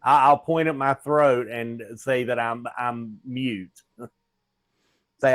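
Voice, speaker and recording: A man's voice: medium pitch, steady tone, slow pace, no room sound. A man playing a tabletop game, hesitant and stumbling over his words as he plans his character's moves. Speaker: player.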